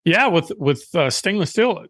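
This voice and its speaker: A man's voice: a little high, lively intonation, normal speed, a bit bright, no echo, studio quality. A man co-hosting a casual podcast, explaining things matter-of-factly. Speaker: podcast co-host.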